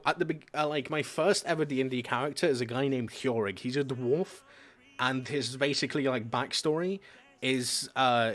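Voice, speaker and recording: A man chats casually on a live stream, rambling through his stories. He leans on fillers and restarts, and he swears offhandedly as he talks. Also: mid-range voice.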